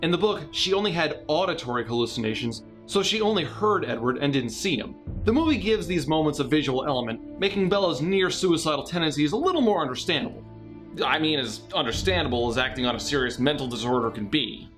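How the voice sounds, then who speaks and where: A man's voice: a little high, animated, quick pace, a bit bright, soft background music. A man narrating a scripted comedic movie review with sarcastic, mocking asides.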